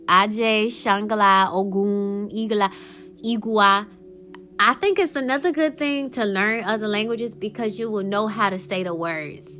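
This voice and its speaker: A young woman hosts her own podcast, talking casually on her own at a middling pitch. She gets excited and laughs often, and slows right down when she reads out long lists. Faint music plays softly behind her. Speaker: podcast host. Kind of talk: casual solo podcast chat.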